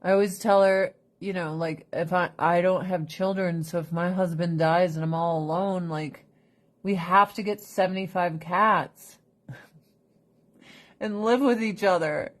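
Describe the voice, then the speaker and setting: A woman's voice: lowish voice, measured pace. Blunt, profane woman chatting to camera. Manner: blunt and profane, animated storytelling; quotes friend with shifting voice. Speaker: vlogger. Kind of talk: casual chat to camera.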